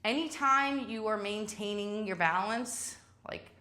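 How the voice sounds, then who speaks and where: A woman's voice: lowish voice, measured pace, a bit bright. A woman leading a home workout class, chatty and self-deprecating, tired from exercising as she talks. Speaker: fitness instructor. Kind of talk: live workout coaching.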